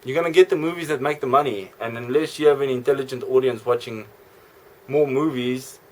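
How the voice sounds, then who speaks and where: A man's voice: mid-range voice, a little fast. A man vlogging in a rambling, jokey, self-correcting way. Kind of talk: rambling casual monologue.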